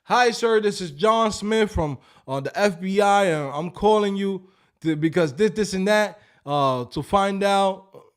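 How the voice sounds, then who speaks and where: A man's voice: high-pitched, a little slow, smooth. A man voicing a male scam caller posing as a federal agent, stiff and official-sounding. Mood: officious.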